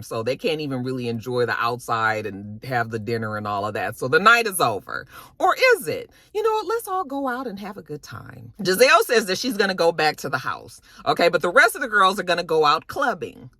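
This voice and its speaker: A woman's voice: rumbling low, a little fast, no room sound. A woman recapping a reality show in casual, chatty commentary, swearing freely and acting out what people said. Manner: animated, chatty, swears freely, acts out quotes.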